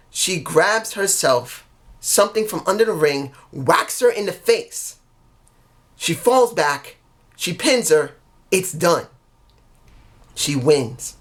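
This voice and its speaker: A man's voice: fairly high pitch, a bit bright. A man vlogging casually as a wrestling fan, rambling earnestly and often correcting himself mid-sentence. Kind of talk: casual solo storytelling vlog.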